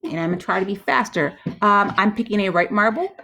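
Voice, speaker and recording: A woman math teacher with a medium-pitched, bright, forceful voice talks briskly and with lively intonation. She thinks aloud through probability problems step by step, chatty and self-correcting.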